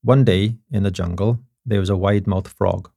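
Man, Welsh accent, podcast host, passionate storyteller, deep, gravelly. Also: steady tone, moderate pace, warm tone, no room sound, clean studio sound. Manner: storytelling, passionate, self-mocking humor. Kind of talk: casual chat.

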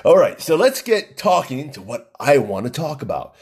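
A man's voice: mid-range voice, very animated, normal speed, husky. A man hosting his own podcast, talking in a chatty, rambling way with lots of asides and restarts. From Hawaii. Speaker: podcast host. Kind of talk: casual solo podcast monologue.

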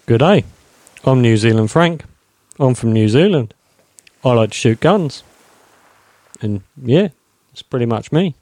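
A man voicing a string of stereotyped male mercenaries in a comedy podcast sketch, with flat, mumbled one-liners. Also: medium pitch, a little slow, no room sound, natural voice. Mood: deadpan.

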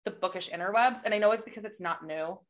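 A woman co-hosting a casual book podcast, talking in an animated, chatty way with lots of fillers. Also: medium pitch, fast. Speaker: podcast co-host.

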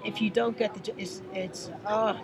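A man's voice: high-pitched, steady tone, moderate pace, crowd noise. An Irish man co-hosting a podcast, chatting casually and telling anecdotes with acted-out quotes. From Ireland. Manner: chatty storyteller, acts out quoted exchanges. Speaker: podcast co-host. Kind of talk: casual chat.

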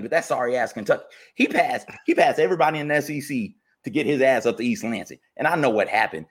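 A man, fired up and ranting about football as a podcast co-host, jumping from loud outbursts to low grumbles. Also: husky. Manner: fired-up, swings from shouting to muttering. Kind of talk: heated sports rant.

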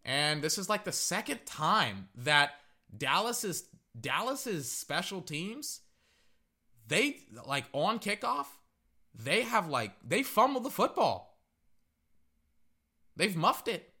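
A man giving casual, rambling live reactions to a football game as a fan commentator, getting excitable and repeating himself. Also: high-pitched, slow pace, long pauses.

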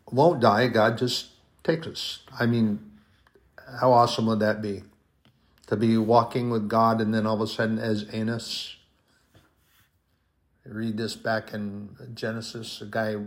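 A man preaching a sermon in an earnest way, slowing on key words and rising to emphatic peaks. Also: mid-range voice.

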